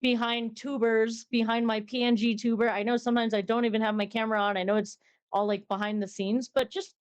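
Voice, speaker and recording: A talkative young woman speaks in a fairly high voice as an interview guest. She rambles through her points and acts out short exchanges in a brighter tone. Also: level tone, a little fast, smooth, lo-fi sound. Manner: chatty, rambling, acts out little dialogues with a lifted voice. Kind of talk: casual interview chat.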